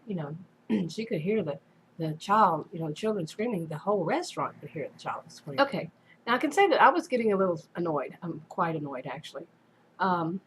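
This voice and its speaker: A woman's voice: medium pitch, slight background noise, rough recording. A woman casually telling a personal story in a rambling way, full of fillers and restarts. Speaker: vlogger.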